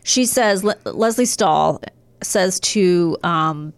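A woman co-hosting a podcast in casual chat, talking fast and getting exasperated with plenty of swearing. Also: lowish voice, no room sound. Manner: animated, swearing, exasperated rants. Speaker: podcast co-host.

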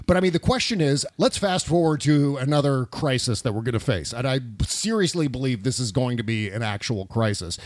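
A man on a political podcast, emphatic and animated, asking rhetorical questions in casual discussion. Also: medium pitch, fairly quick, hardly any pauses, no room sound.

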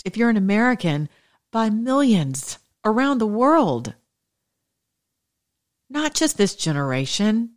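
A woman hosting her own show, delivering a passionate, preachy monologue of religious political commentary. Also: on the low side. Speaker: show host.

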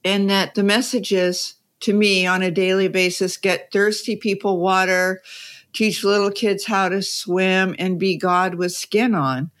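A woman's voice: mid-range voice, flat delivery, a little slow, a bit bright. A woman guest on a conversational podcast, telling stories in a chatty way and laughing as she goes. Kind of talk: conversational storytelling.

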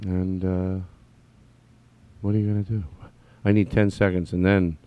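With stuttering restarts and frank swearing, a man rambles through an unscripted monologue about himself, shifting between soft musing and loud, heated ranting. He's low-pitched with a level tone and a measured pace, and the highs in the audio are cut off.

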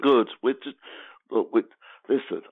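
A man's voice: medium pitch, measured pace, dry recording. Elderly British man in his eighties, teasing and evasive, dry phone-line sound. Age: 80s. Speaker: guest. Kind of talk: phone interview.

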